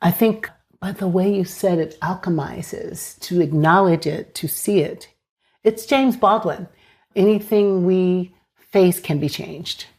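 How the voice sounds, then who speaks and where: A woman's voice: on the low side, takes it slowly. A woman hosting a podcast interview, affirming her guest and laughing easily. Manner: warm affirmations, playful laughs. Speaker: podcast host. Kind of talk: conversational interview.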